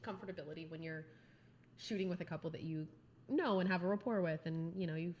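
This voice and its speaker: A woman's voice: on the low side, quick pace, darkish tone, a little hiss or hum. A woman, a guest and wedding photographer, chatting casually, laughing and digressing as she talks. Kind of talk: casual podcast chat.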